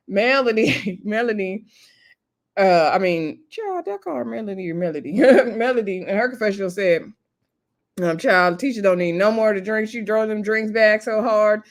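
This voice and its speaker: A woman's voice: medium pitch, normal speed. A woman casually recapping a reality TV episode, chatty and laughing often, acting out cast members' lines. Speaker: TV show reviewer.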